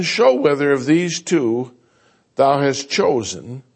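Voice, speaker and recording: A man preaching a sermon as a visiting preacher, folksy and animated, joking and mimicking other people's voices. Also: fairly high pitch, breathy edge. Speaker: guest preacher.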